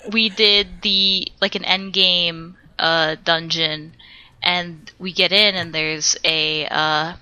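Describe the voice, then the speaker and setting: A woman co-hosting a casual podcast, talking in a bright, forward tone. She rambles through a story, laughs easily and swears when she acts out what she said. The sound is close and dry. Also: fairly low pitch, fairly even intonation, takes it slowly, smooth, dry recording. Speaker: podcast co-host. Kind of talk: casual chat.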